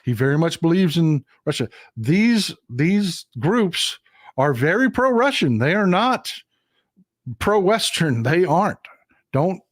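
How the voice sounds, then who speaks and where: A man with a somewhat high voice hosts a political live stream, walking viewers through a map. He presses his points by saying them twice. The sound is dry and close. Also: no room sound. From Texas. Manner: emphatic, repeats phrases for stress. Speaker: political commentary host.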